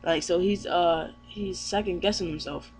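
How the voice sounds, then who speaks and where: A man's voice: high-pitched, fairly even intonation, moderate pace, soft background music. A man giving a casual manga chapter recap, rambling with many fillers and self-corrections. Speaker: manga reviewer.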